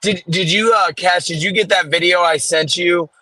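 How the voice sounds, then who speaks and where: A man's voice: high-pitched, steady tone, moderate pace, bright, forceful tone, no room sound. A man co-hosting a podcast in casual chat, hesitant and often restarting sentences. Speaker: podcast co-host.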